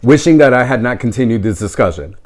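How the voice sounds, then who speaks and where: A man telling a story in a casual, wry way, with sarcastic, deadpan asides. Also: medium pitch, fast. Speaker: vlogger.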